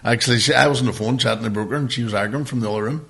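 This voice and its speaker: A man on a podcast, spinning an animated anecdote full of swearing and laughter. His voice sits at a middle pitch, and he talks like a regular co-host in loose, casual chat. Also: racing, gravelly.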